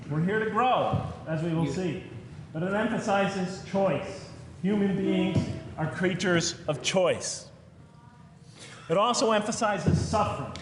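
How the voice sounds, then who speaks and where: Reflective man lecturing in a hall. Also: slight background noise. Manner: reflective, quotes scripture in a soft low voice. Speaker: lecturer on video. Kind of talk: recorded lecture.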